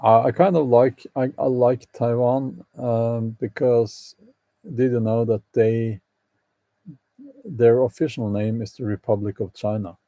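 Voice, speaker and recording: A man's voice: mid-range voice, fairly even intonation, measured pace, no room sound, phone-quality sound. A man hosting a casual live chat with his viewers, hesitant and full of fillers, with wry opinions and frequent laughs. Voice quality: gravelly, hesitant with many fillers. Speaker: channel host answering live chat.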